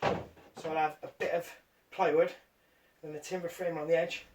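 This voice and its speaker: A man's voice: on the high side, flat delivery, moderate pace, recorded from a distance, noisy background. A man casually narrating his own camper van build in a wry, self-deprecating way. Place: in and around a camper van, partly outdoors.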